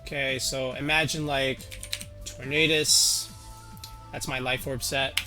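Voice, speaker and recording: A man's voice: mid-range voice, flat delivery, slow pace, sharp tone, soft background music. A man casually walking through a game teambuilding tutorial, rambling with lots of fillers and restarts. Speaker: competitive game YouTuber.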